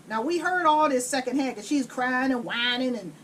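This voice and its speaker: A woman telling a story in casual chat while cooking at home, blunt and profane, with an animated, no-nonsense delivery. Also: sits high, moderate pace, a little hiss or hum. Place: home kitchen.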